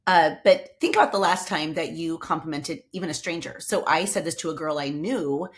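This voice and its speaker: Woman podcast host, lowish voice, bubbly and chatty, telling little stories. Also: a little fast. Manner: enthusiastic, chatty storytelling. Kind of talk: upbeat motivational podcast talk.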